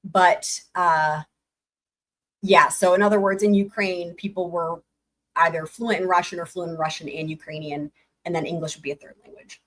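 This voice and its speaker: A woman's voice: on the low side, steady tone, normal speed, fairly bright tone. A woman streaming live trial commentary, reading legal filings aloud and breaking in with incredulous, sarcastic asides.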